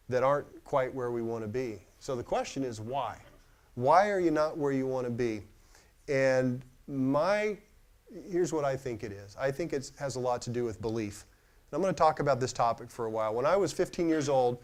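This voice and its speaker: A man's voice: medium pitch, a little mellow. A middle-aged man giving a motivational talk to a live audience in a conference room, telling stories in a conversational way and putting questions to the crowd. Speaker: keynote speaker.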